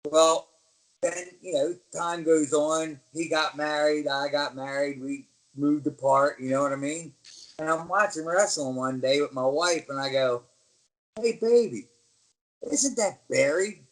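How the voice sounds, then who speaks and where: A middle-aged man from the United States talks in a lively, storytelling way, often slipping into the voices of the people he describes. His voice sits a little higher than most men's. He speaks as a guest recalling his wrestling career in a relaxed interview. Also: a little slow, poor audio. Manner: animated storyteller, acts out quoted voices. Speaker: guest, former pro wrestler.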